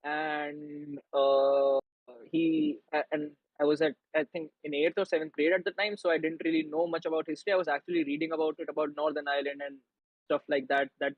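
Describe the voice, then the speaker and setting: A man's voice: a little high, little pitch movement, a little fast, dry recording, narrow, tinny audio. A young man from India co-hosting a live football watchalong, chatting casually and reading out viewer messages. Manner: chatty, reads out chat messages. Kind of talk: casual live-stream chat.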